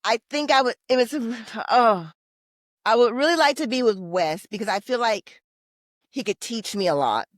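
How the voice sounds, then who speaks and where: A woman co-hosting a fan podcast in casual, opinionated chat, her voice jumping up and getting louder when she gets excited. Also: on the high side, moderate pace, dry recording. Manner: animated, opinionated, bursts of loudness. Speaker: podcast co-host.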